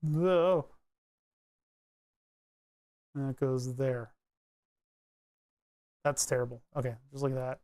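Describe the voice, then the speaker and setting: A man giving a casual electronics tutorial, thinking aloud as he traces a circuit board, rambling and joking and grumbling wryly about his software. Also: fairly high pitch. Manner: rambling, joking, mutters while drawing. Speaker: electronics hobbyist explaining circuit tracing.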